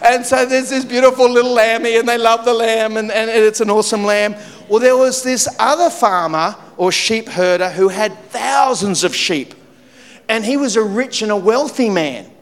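Guy preaching, pretty high voice, big echoey church hall, animated storytelling. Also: normal speed. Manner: animated storytelling, drops low and quiet for weight. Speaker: pastor. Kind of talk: sermon.

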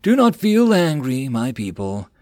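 A man voicing a charismatic cannibal cult leader who addresses his people slowly and solemnly. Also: medium pitch, wildly swooping pitch, mellow, dry recording, studio quality. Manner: slow, solemn preaching.

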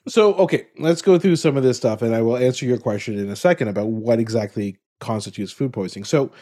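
A man's voice: medium pitch, quick pace. A man co-hosting a podcast in casual chat, telling stories with laughs between sentences and explaining facts. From family from India. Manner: animated storyteller, laughs mid-sentence. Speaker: podcast co-host.

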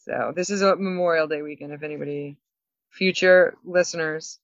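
A woman co-hosting a podcast, telling a story with lots of laughs and quick asides. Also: sits low, fairly even intonation, no echo, lo-fi sound. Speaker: podcast co-host. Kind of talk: casual chat.

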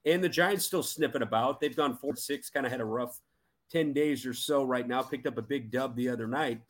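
A man's voice: medium pitch, brisk. A man co-hosting a baseball podcast, giving emphatic, opinionated takes in casual chat. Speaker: podcast co-host.

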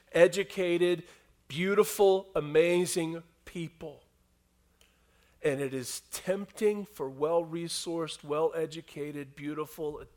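A man with a somewhat raised pitch delivers a sermon to a gathered congregation. His volume rises and falls sharply, from emphatic declarations down to hushed, intimate asides. He keeps pulling the listeners in with rhetorical questions. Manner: swings from loud emphatic lines to hushed near-whispers; asks the audience rhetorical questions. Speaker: pastor. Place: speaking to a live congregation in a room.

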